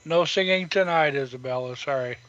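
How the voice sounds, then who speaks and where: A man's voice: a little high, brisk, a bit bright, dull audio. A man co-hosting a live stream in casual chat, asking short questions and giving brief agreeing replies.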